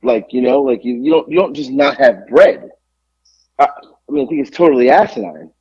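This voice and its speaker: This medium-pitched podcast co-host speaks at a moderate pace with a husky voice, heard through dull audio. He delivers a long storytelling rant, animated and exasperated, packed with swearing.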